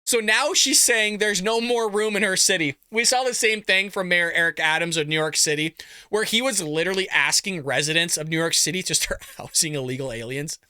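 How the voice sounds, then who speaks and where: A man hosting a political commentary show, reacting to news with sarcastic jabs, animated asides and laughter at his own remarks. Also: sits high, fairly quick, clean tone, no echo, studio quality.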